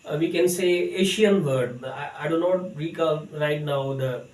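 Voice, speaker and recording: Man, teacher, slow halting lecture, lots of fillers, somewhat high voice, roomy echo. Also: darkish tone. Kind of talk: recorded English lecture. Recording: echoey room, distant mic.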